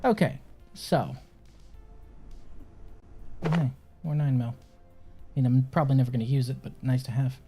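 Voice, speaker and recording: A man giving chatty, excitable gameplay commentary and swearing casually. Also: mid-range voice, unhurried, long pauses, music in the background. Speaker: gameplay streamer.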